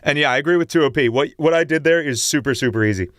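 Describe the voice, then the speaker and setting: A man's voice: a little high, racing, fairly bright tone, no echo, clean studio sound. A man chatting casually with viewers on a livestream, talking eagerly about singing and voice technique. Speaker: streamer and singer.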